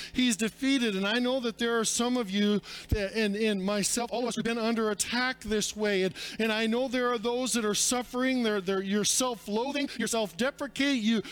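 A man's voice: very high-pitched, a bit bright. A male pastor preaching a sermon, emphatic and repetitive, calling his listeners friends.

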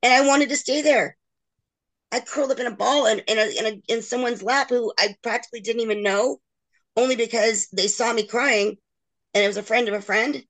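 A woman's voice: fairly high pitch, steady tone, fairly quick, fairly bright tone. Emotional middle-aged woman telling her story. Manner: emotional, frank, acts out others' quoted words. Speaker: interview guest. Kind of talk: candid personal storytelling.

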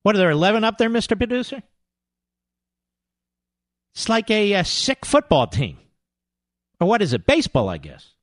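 A sarcastic male radio host with a high voice that swings up and down as he rants. He sounds dry and close to the mic, scoffing and combative throughout. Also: sing-song, normal speed, pauses often, no echo. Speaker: radio talk show host. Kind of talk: political talk radio monologue.

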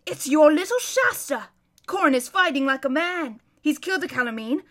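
A woman's voice: high voice, expressive, normal speed, a bit bright. A woman voicing an old male hermit who describes a distant battle as a vivid, emphatic running commentary. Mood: urgent.

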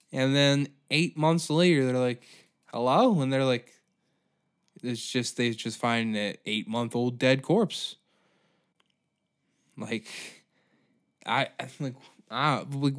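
Profane, rambling male podcast host. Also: mid-range voice. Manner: swears constantly, rambling, exaggerated outbursts. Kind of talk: profane comedic rant.

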